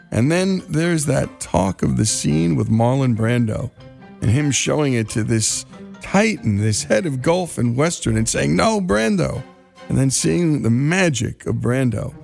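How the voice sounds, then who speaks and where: A man's voice: medium pitch, creaky, a little mellow. A man hosting a radio show, wrapping up a segment with enthusiastic, emphatic commentary. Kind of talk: program wrap-up commentary.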